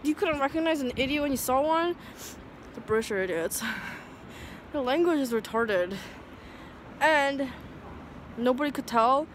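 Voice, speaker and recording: Brief: woman, higher-pitched voice, profane rambling rant, faint street traffic behind. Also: expressive, measured pace, long pauses. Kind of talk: casual ranting monologue.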